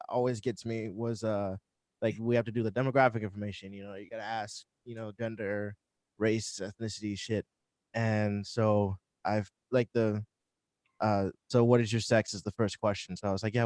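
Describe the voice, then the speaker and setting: A man's voice: lowish voice, a little mellow, no echo. A young man in a casual chat, telling rambling stories about his clinic job with many fillers and frequent laughter. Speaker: band member, vaccination clinic worker.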